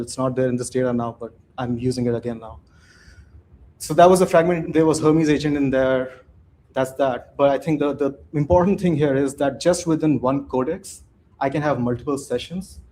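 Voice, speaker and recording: A man with a mellow, mid-range voice gives a conference talk from slides over slight background noise. He speaks loosely and conversationally, restarting sentences and often tagging points with "right?"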